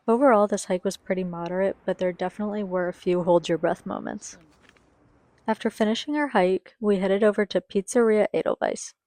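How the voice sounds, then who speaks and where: A woman's voice: medium pitch, darkish tone, dry recording. A young woman giving a chatty, enthusiastic voice-over for a travel vlog and talking straight to her viewers. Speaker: travel vlogger.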